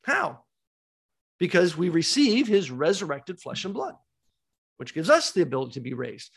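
A man's voice: high-pitched, big pitch swings, normal speed, gravelly, fairly bright tone, breathy edge. A man teaching a Bible study class, emphatic, asking rhetorical questions and repeating key words.

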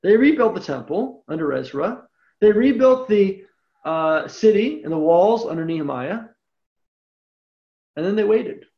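Animated Bible teacher, dull lo-fi recording. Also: mid-range voice. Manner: animated, emphatic, slows down on key points. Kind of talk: scripture lecture.

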